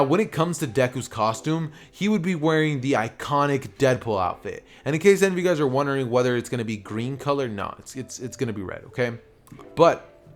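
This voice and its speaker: A young man narrating a fan-made story in a loose, conversational way. He rambles along with plenty of filler words, at an everyday male pitch. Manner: rambling, lots of "you know" and "basically". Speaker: YouTuber narrating fan fiction. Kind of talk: casual storytelling.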